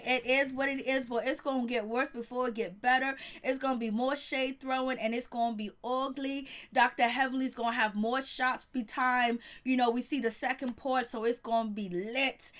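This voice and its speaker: High, bright-voiced woman recapping TV. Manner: animated, laughs often, greets chat viewers. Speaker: vlogger reviewing a reality show. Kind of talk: casual TV recap chat.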